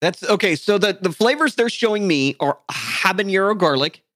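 A man's voice: sits high, animated, moderate pace, a bit bright, no echo, studio quality. A man co-hosting a podcast, bantering in a profane, mock-outraged way. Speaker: podcast co-host. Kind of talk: casual banter.

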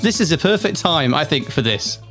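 A man's voice: on the high side, sing-song, a little fast, over loud music. A man co-hosting a casual podcast chat, teasing and laughing often. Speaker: podcast co-host.

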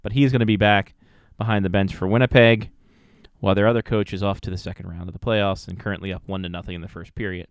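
A man's voice: low voice, fairly even intonation, quick pace, smooth, no echo, studio quality. A man co-hosting a casual hockey podcast, rambling with fillers and swearing freely. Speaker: podcast co-host. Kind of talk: casual sports chat.

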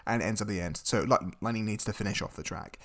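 A young man co-hosting a casual comedic podcast, recapping a film with sarcastic asides and freely swearing, his voice jumping up when incredulous. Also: fast. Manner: animated, mocking, swears freely, spikes high when incredulous. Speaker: podcast co-host.

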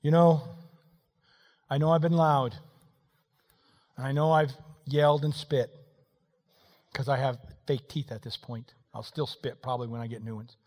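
A middle-aged man preaching a sermon, moving between quiet talk and shouting, with folksy asides. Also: mid-range voice, fairly even intonation, moderate pace, pauses often. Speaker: pastor. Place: church hall. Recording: long hall reverb.

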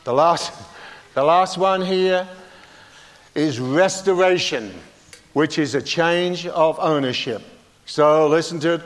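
Older male preacher, high voice, joking and questioning the congregation, big reverberant hall. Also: slow, long pauses. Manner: folksy, humorous, asks the congregation questions. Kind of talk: sermon.

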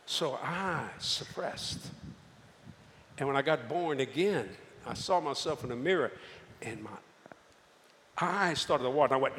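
An older man preaching a storytelling sermon, folksy and animated, acting out the voices of the people in his tales. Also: on the high side, moderate pace, long pauses, slight background noise. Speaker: evangelist. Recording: echoey hall with faint ambience.

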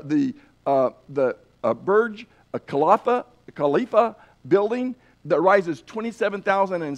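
A man preaching a sermon in an earnest way, often restarting phrases and pausing on fillers. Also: high voice.

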